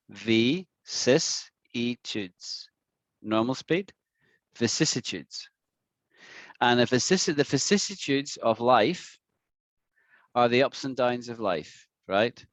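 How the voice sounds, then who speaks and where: A man teaching an online English lesson, patiently repeating words slowly for his students to practice. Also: medium pitch, no room sound. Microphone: video call.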